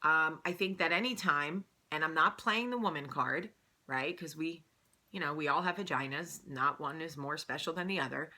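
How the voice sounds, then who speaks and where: A woman's voice: sits low, moderate pace, pushed and bright. A woman with a New Jersey accent hosting a casual morning vlog, chatty and rambling, laughing at herself often. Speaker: vlog host. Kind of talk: casual morning chat to camera.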